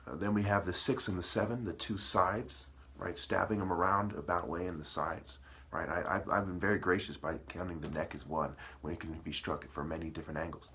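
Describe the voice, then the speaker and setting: In a profane, preachy ranting monologue, a man lectures while splitting words into syllables. His voice is low, steady, a little fast, and fairly bright.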